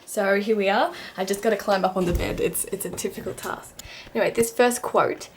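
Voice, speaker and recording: A woman's voice: mid-range voice, fairly quick, slight background noise. A young woman chatting casually to the camera in her bedroom, giggly and self-deprecating, tripping over words and laughing at herself. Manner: bubbly, giggly and self-deprecating, with frequent slips and restarts. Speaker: book vlogger. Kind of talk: casual vlog chat.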